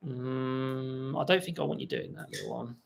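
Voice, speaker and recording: A parrot channel host streams casually from home on his laptop, fielding viewer questions and pausing to speak to his parrots, whose squawks and clicks are audible behind him. His medium-pitched, gravelly voice swoops wildly in pitch at a moderate pace, heard over music.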